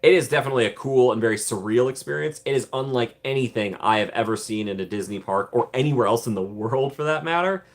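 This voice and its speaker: A man's voice: mid-range voice, quick pace, hardly any pauses. A man hosting a casual live stream who answers viewer comments in a rambling, chatty way, repeating himself and laughing often. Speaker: streamer host.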